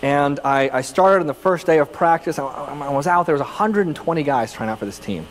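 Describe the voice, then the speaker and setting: A man's voice: fairly high pitch, animated, a little fast, long reverb tail, a little hiss or hum, low-quality recording. Conversational male pastor telling stories. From California, United States. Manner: conversational, self-deprecating storytelling with frequent restarts. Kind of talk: sermon with personal stories.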